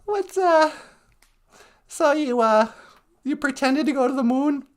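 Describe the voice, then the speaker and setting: A man voicing a chirpy, affectionate woman friend on a spaceship in a giggly high falsetto. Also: expressive, slow, heavily acted. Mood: playful.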